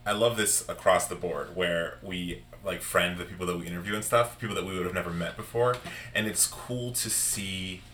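A man's voice: sits low, steady tone, normal speed, a bit bright, distant mic, slight background noise. A man hosting a podcast in loose, casual conversation, full of fillers. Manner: loose, filler-heavy, friendly. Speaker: host. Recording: roomy echo.

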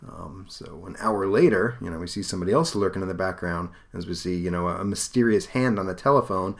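A man's voice: deep voice, fast, creaky, fairly bright tone. A man co-hosting a podcast, reading comic book dialogue aloud and acting out the characters, with many fillers. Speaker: podcast co-host. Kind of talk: casual comic book read-along.

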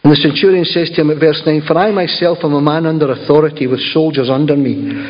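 A man's voice: fairly high pitch, steady tone, quick pace. A man preaching a sermon in a conversational, emphatic storytelling manner with asides. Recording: slightly dull lo-fi recording.

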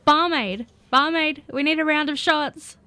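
A woman's voice: high-pitched, measured pace, over loud music. A woman playing a brash, boozy friend. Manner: pushy, flirty, loud. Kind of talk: comedy audio drama.

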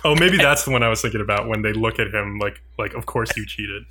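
A man's voice: on the low side, quick pace, very noisy. A man co-hosting a casual chat, talking loosely with lots of fillers and chuckling along about an anime. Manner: relaxed, filler-heavy, chuckling. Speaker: podcast co-host.

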